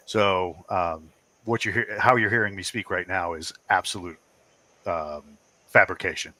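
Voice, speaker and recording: Man, Italian native speaker, low pitch, bright tone, rambling casual storytelling. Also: steady tone, unhurried. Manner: rambling storyteller, laughs often. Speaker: guest. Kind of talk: casual chat.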